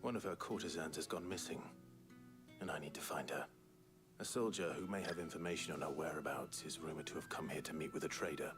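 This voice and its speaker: An actor playing a grim young branded warrior, speaking in a quiet, terse murmur. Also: male voice, extremely low pitch, quick pace. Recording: game audio with music. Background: game music.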